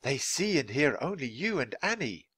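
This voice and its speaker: A wise, kindly enchantress from a children's storybook speaks gently and reassuringly. Her lines lift with lively expression, voiced by a man reading aloud. The sound is dry and close. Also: medium pitch, moderate pace, husky, dry recording. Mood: gentle.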